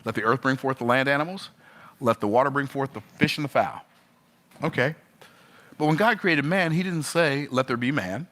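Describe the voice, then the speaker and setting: A man delivers a sermon in a bright, ringing voice. His delivery rises and falls, and he keeps asking the listener questions. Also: moderate pace. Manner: rhythmic preaching, rising and falling in pitch. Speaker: preacher.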